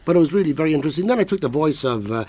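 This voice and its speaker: An older man who was once a radio actor, with a gravelly voice, telling rambling stories in a casual interview. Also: on the high side, expressive, rapid-fire, a little mellow, no room sound. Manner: rambling storyteller, acts out voices in quotes. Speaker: guest, former radio actor. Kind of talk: casual anecdotal chat.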